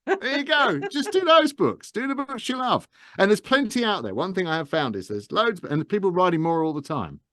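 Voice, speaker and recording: A man's voice: high-pitched, sing-song, normal speed, a bit bright, dry recording, studio quality. A man, an audiobook narrator, giving enthusiastic, rambling advice in a casual interview, with many restarts.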